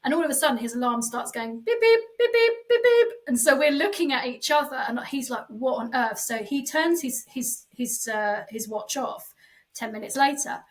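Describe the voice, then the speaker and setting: A woman psychic medium telling a spooky personal story in a casual podcast chat, animated and full of fillers, acting out the voices she quotes. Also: fairly high pitch, normal speed, distant mic, low-quality recording.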